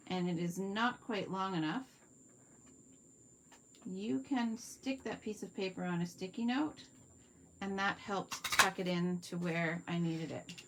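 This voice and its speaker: Speaking in a mid-range voice over slight background noise, this Canadian woman demonstrates card making in a live craft tutorial. At her workspace she talks viewers through each stage and answers their comments.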